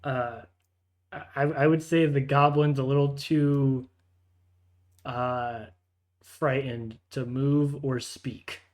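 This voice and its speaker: A man's voice: mid-range voice, flat delivery, takes it slowly, pauses often, darkish tone. A man narrating a tabletop game as game master, hesitant, with frequent fillers and restarts.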